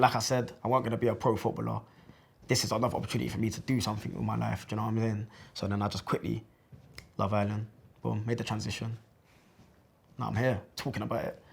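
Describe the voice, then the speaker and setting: Young man, rapid casual storytelling, husky gravelly tone. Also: mid-range voice, flat delivery. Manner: chatty, loose, peppered with slang fillers. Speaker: former footballer telling his story.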